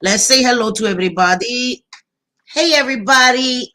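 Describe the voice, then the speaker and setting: A woman hosting a casual livestream, greeting viewers loudly and chattily with pet names like sweetie pie and baby girl. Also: on the high side, fairly quick. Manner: loud, animated voice. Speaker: livestream host.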